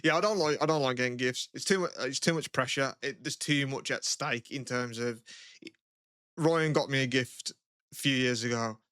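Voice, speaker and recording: A man's voice: mid-range voice, normal speed, sharp tone, clear, resonant tone, dry recording, clean studio sound. A man co-hosting a podcast in casual chat, rambling, with a lot of "like" and swearing. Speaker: podcast co-host.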